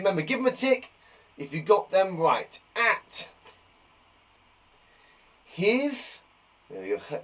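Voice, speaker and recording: A male teacher giving a cheerful, encouraging live spelling lesson to young children from a garden shed, saying each word slowly and clearly. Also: on the high side. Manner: cheerful, encouraging, slow and clear dictation of words. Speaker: primary school teacher.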